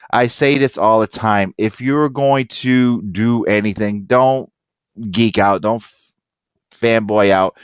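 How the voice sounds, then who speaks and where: Animated male comic-collector storyteller. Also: fairly low pitch, clean tone, no echo. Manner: animated storyteller acting out quoted people. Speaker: podcast co-host and comic collector. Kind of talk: casual chat.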